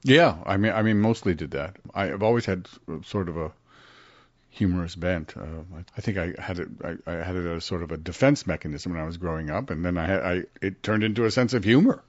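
An older man with a low voice tells anecdotes as a guest in a relaxed interview, and he jumps up in pitch whenever he acts out what someone said. The sound is dry and close, a little muffled in the top end. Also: fast, no room sound. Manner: animated, acts out quotes with big pitch jumps. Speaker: guest actor. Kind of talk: casual interview storytelling. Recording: dry, slightly muffled studio audio.

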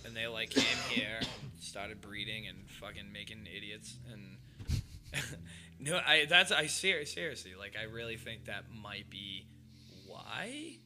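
A man's voice: on the low side, expressive, measured pace, bright, forceful tone, soft background music. A man with a Boston accent chatting casually on a podcast. He laughs often, swears freely and rambles through his theories. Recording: noisy room ambience.

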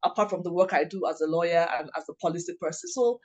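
A woman's voice: lowish voice, fast talker, darkish tone. Earnest woman sharing heartfelt memories. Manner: heartfelt, earnest, full of "you know" fillers and restarts. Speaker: lawyer, policy worker and writing coach. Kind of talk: reflective personal storytelling.

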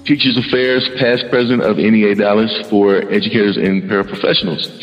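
A man hosting a podcast panel, praising his guests warmly and stumbling over repeated words. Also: on the low side, in a large hall, highs cut off. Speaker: podcast host. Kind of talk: emotional panel introduction.

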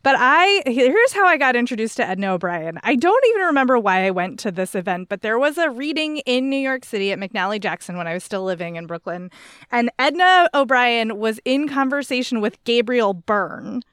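A woman's voice: a little high, lively intonation, a little fast, fairly bright tone, smooth, dry recording, studio quality. A woman co-hosting a book podcast, recommending novels in a rambling, enthusiastic way. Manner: rambling, enthusiastic, restarts sentences. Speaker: podcast co-host. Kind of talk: casual book chat.

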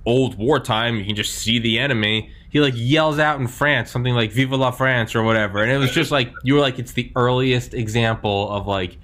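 A man's voice: mid-range voice, fairly quick, few pauses, fairly bright tone. A man in his thirties hosting a podcast, talking in a loose, rambling, chatty way full of "like" and "man". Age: 30s. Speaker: podcast host. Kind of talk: casual chat.

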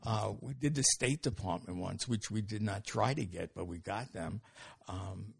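An older man telling stories as an interview guest, animated and acting out the dialogue with quick restarts. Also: lowish voice, gravelly, husky. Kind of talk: anecdotal storytelling.

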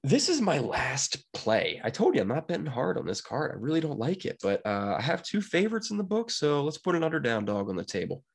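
A man's voice: fairly high pitch, big pitch swings, brisk, creaky, few pauses, slightly rough. Brash joking man from Pennsylvania. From Pennsylvania, USA. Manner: brash, jokey, swaggering. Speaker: podcast producer giving betting picks. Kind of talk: casual monologue.

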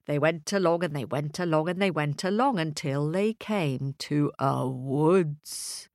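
A woman telling a children's story, playful and animated, making sound effects. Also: low voice, a little slow, dry recording, studio quality.

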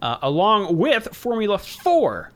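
A man's voice: high-pitched, huge pitch swings, measured pace. Casual man reading race schedules. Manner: stumbles over foreign place names. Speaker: podcast co-host.

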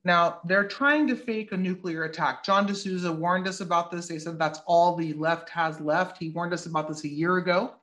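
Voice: mid-range voice, fairly even intonation, normal speed, hardly any pauses, a bit bright. A podcast host in casual political talk, blunt and swearing freely, working through a speech line by line.

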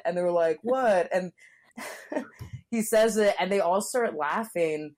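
A woman's voice: medium pitch, a little slow, darkish tone. A woman from Southern California telling a frank personal story in casual podcast chat, full of filler words and acted-out quotes. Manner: candid, frequent "like" fillers, acts out quotes. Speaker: comedian guest.

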